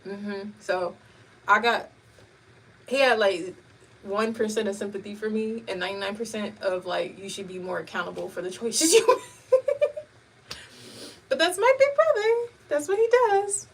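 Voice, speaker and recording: Chatty woman hosting a live stream. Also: medium pitch. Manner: animated storytelling, laughs often. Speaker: host. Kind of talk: casual live chat. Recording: distant mic with faint background noise.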